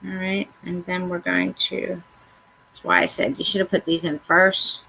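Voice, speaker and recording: A woman hosts a crafts how-to, chatting casually, muttering to herself as she works, and teasing herself over her mistakes. Her lowish voice is creaky, pushed and bright, with a steady tone at normal speed. The audio is poor, with slight background noise.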